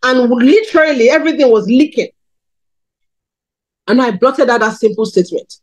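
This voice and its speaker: A woman's voice: moderate pace, low-quality recording. A woman in her thirties from Nigeria, candidly telling her personal testimony in a sermon. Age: 30s. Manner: candid storytelling, animated pitch swings. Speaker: preacher.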